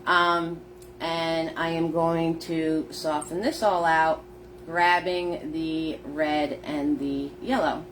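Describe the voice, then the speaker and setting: A woman teaches painting live, speaking slowly in a low-pitched, level tone through a phone with a little hiss or hum. Chatty throughout, she walks through each step and welcomes viewers by name.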